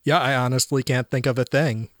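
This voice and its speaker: A man's voice: medium pitch, fairly even intonation, brisk, no room sound, studio quality. A man chatting casually on a podcast about a movie, with wry, rambling asides. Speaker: podcast co-host. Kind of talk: casual movie review chat.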